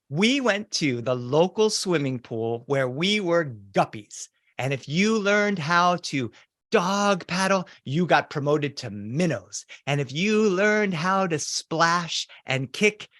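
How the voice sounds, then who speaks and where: Middle aged guy telling kids stories on a zoom call, upbeat, kinda high voice, dry sound. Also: no echo. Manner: lively, animated, greets the audience. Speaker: children's storyteller. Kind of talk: storytelling for kids over video call. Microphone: video call.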